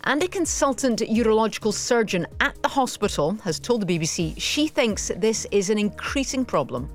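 A woman presenting news on breakfast radio, reading in a clear, measured way. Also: medium pitch, lively intonation, soft background music.

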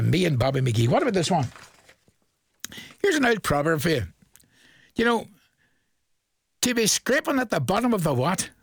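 A man with a Northern Irish accent presenting a radio request show, chatty and rambling as he reads out shout-outs and chuckles between them. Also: on the high side, gravelly, dry recording.

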